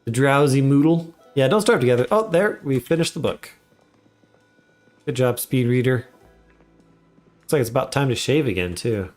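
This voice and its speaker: A man giving relaxed, chatty commentary while live streaming a game. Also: medium pitch, normal speed, long pauses, faint music behind. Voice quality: relaxed, chatty, laughs often.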